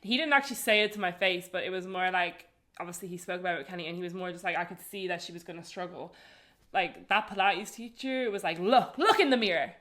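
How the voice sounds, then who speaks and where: A woman's voice: lowish voice, fast talker, a bit bright. A young English woman co-hosting a podcast, telling a travel story in a chatty way, swearing casually and laughing often. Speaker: podcast co-host.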